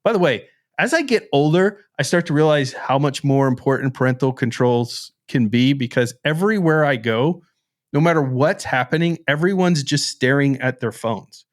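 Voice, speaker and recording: Playful, excitable man co-hosting a tech podcast. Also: medium pitch, normal speed. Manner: playful and excitable, joking boasts; explains features at length. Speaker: podcast co-host. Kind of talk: casual tech chat.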